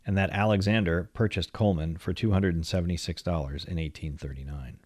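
A man with a low, deep voice reads a long magazine feature aloud. His delivery is measured and literary, carrying the story along at an even storytelling pace. The sound is dry and close, with no room echo. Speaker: narrator.

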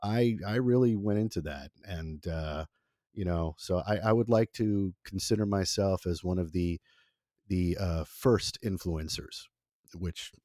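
Forties man, first language Italian; very low, mellow voice; rambling, self-deprecating storyteller. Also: measured pace, dry recording, clean studio sound. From Italy. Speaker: former college radio producer. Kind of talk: relaxed interview conversation.

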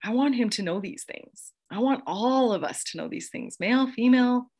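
A woman's voice: on the high side, lively intonation, moderate pace, a little mellow, slightly rough. A woman in her thirties hosting a podcast, talking in a casual, gushing motivational monologue and laughing often. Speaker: podcast host.

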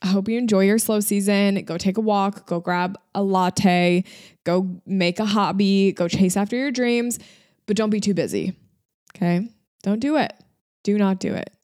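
A woman's voice: medium pitch, moderate pace, a little mellow, dry recording, clean studio sound. Bubbly, giggly woman podcast host. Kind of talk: casual solo podcast chat.

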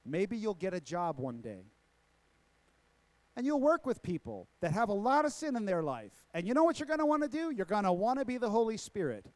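Male pastor, sermon delivery, emphatic repetition, rhetorical questions; fairly high voice, dry close sound. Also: sing-song, fairly quick, dry recording. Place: church sanctuary.

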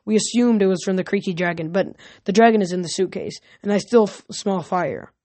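A woman's voice: medium pitch, brisk, darkish tone, dry recording, natural voice. A woman reading the part of a vain, bossy winged guard who serves the north wind, speaking in a haughty, commanding way.

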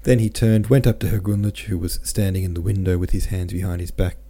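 A man hosting a podcast, reading a novel aloud with relaxed, chatty asides. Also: sits low, fast talker. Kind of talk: casual commentary and audiobook reading.

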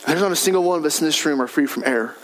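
A pastor preaching a sermon in a church, animated, his voice swelling to shouts for emphasis. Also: fairly high pitch, very fast, a little hiss or hum. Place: church sanctuary.

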